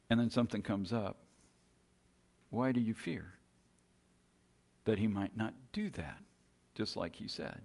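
A man's voice: medium pitch, lively intonation, measured pace, creaky, long pauses. A man preaching a sermon, retelling a scripture story in a conversational way with rhetorical questions and frequent restarts.

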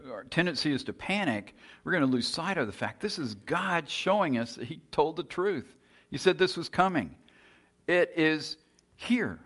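A man preaching a sermon in an earnest, emphatic way, moving between quiet passages and loud, raised points. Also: mid-range voice.

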